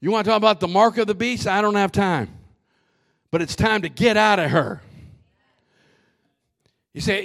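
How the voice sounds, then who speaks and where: A man preaching a sermon as pastor, swinging from shouted lines to hushed asides, often repeating and restarting his words. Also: high-pitched, moderate pace.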